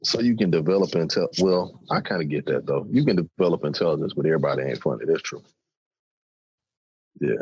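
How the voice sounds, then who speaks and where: A man co-hosting a casual podcast, backing up his partner with quick replies. His voice is very deep and husky and moves widely in pitch. The audio is dry and dull, like a muffled recording. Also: expressive, dry recording. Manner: agreeable, backs up the other host with short replies. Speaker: podcast co-host. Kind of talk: casual chat.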